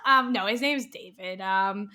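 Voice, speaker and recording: A young woman co-hosting a podcast, telling a story in a lively casual chat, laughing and swearing as she goes. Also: medium pitch, unhurried. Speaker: podcast co-host.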